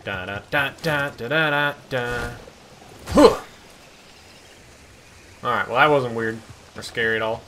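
A man hosting a gaming channel, giving excitable let's-play commentary, swearing and talking back to the game. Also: medium pitch, takes it slowly, long pauses, slight background noise. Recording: voice over loud game music.

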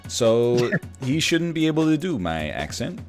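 Young man, casual group chat, jokey and profane, lively swinging pitch, music under the talk. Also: a little slow. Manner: joking, animated, swears freely. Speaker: regular streamer in a group chat.

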